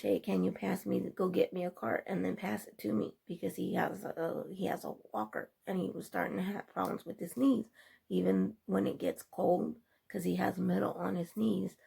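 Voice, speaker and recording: A woman's voice: mid-range voice, creaky, a little mellow, breathy edge. A young woman vlogger chatting casually, retelling a long everyday story in a rambling way, with lots of quoted dialogue.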